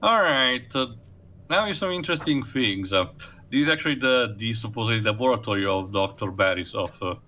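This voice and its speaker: A man's voice: medium pitch, animated, normal speed, bright, forceful tone, a little hiss or hum. A man hosting a let's play, rambling through gameplay commentary with many fillers.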